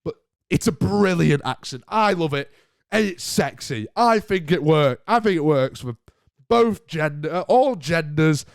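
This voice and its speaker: A man's voice: on the high side, lively intonation, unhurried, gravelly, dry recording. Chatty northern English man, dry sound. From Northern England. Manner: chatty, jokey, rambling with restarts. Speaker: podcast host. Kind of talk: casual solo podcast chat.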